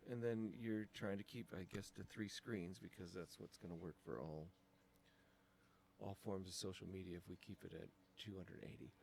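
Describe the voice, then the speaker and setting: A man's voice: sits low, fairly even intonation, normal speed, vocal fry, a little mellow. A man teaching design, talking through files on a screen capture in a casual, thinking-aloud way with many ums. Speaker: design instructor.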